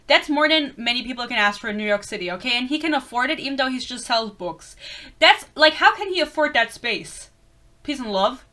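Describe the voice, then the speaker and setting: Young woman reviewer, bright and slightly high-pitched, sarcastic and blunt, swears and laughs a lot, casual rant style. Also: expressive, fairly quick. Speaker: book reviewer.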